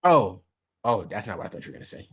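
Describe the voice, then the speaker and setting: A man co-hosting a podcast in casual chat, animated and hedging. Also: fairly low pitch, quick pace, slightly rough. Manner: animated, hedging, talks over others. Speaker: podcast co-host.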